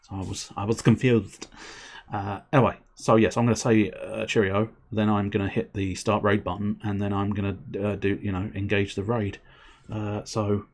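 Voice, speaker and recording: A man's voice: fairly low pitch, little pitch movement, moderate pace. A young man chatting casually to his stream audience, rambling, self-deprecating and swearing now and then. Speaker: livestreamer.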